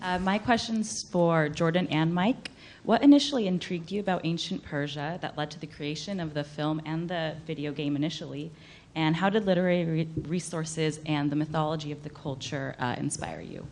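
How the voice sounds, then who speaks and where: Woman with a very low voice. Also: a little fast, darkish tone. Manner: formal, careful. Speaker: journalist.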